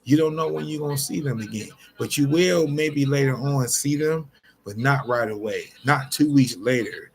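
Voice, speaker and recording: A man's voice: medium pitch, moderate pace. Earnest man giving repetitive pep talk. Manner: earnest, repetitive, many restarts; addresses listeners directly as y'all. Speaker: motivational vlogger. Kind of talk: unscripted motivational talk.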